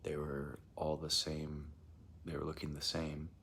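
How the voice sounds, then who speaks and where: A man's voice: rumbling low, completely flat delivery, a little slow, fairly bright tone, a little hiss or hum. A man telling a strange personal experience in a rambling, hesitant way, often dropping into a whisper. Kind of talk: casual first-person account.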